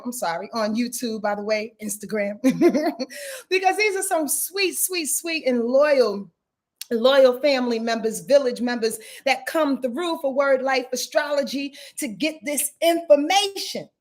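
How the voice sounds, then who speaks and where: High-voiced New woman astrologer. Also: a little slow. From Yonkers, New York. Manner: lively, slangy, greets viewers by name; repeats catchphrases, laughs often. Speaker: astrologer and channel host. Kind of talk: casual live-stream chat.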